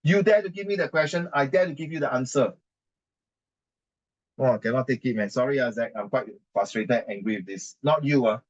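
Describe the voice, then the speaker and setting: Speaking in a mid-range voice at a brisk pace, this man offers writing advice through an indignant, repetitive rant. His Singaporean English keeps drifting into Mandarin and Singlish as he hammers his points home, and the sound quality is lo-fi.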